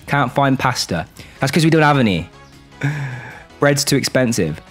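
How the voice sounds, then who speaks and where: A young man commentates his way through a shop game, switching from squeaky disbelief to low, grumbling despair. His voice leaps all over the place, and faint music plays underneath. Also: moderate pace. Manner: excitable, exasperated, swings between high outbursts and low grumbles. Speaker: gaming YouTuber.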